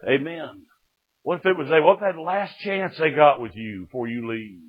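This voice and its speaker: A man's voice: on the high side, expressive, brisk. A middle-aged man, preaching and telling his testimony with fervor, often breaking in with "Amen". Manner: fervent storytelling, punctuated with "Amen". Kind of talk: sermon testimony. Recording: tinny lo-fi phone-like sound.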